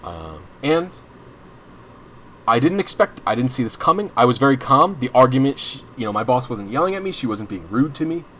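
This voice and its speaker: A man's voice: mid-range voice, big pitch swings, fairly quick, fairly bright tone, slight background noise. A young man streaming a game, telling a long personal story in a casual, rambling way with many restarts and some swearing. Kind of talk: casual storytelling while gaming.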